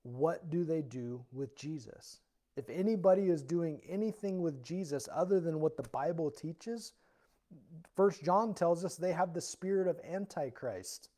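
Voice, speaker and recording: A man's voice: fairly high pitch, unhurried. Earnest man teaching verse by verse. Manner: earnest, explanatory, rises loud when reading scripture aloud. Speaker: pastor. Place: church.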